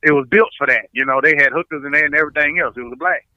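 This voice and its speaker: A man, a stand-up comedian guest, telling stories in a casual chat, animated, repeating his words as he goes. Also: on the high side, rapid-fire, no echo. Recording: dull, lo-fi dry sound.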